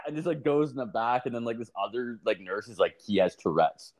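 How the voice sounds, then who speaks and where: A man's voice: mid-range voice, fairly quick, hardly any pauses. A man co-hosting a podcast, telling crude stories in casual chat, swearing and acting out the people he quotes. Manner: profane, laughing, acts out quoted people. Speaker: podcast co-host.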